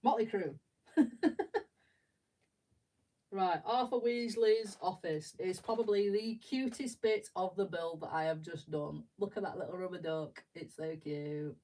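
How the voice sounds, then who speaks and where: Her voice is on the low side, dark and unhurried. She's a middle-aged streamer with an English accent, building while she chats, rambles through stories and laughs often. The recording is low quality, and she sounds far from the mic.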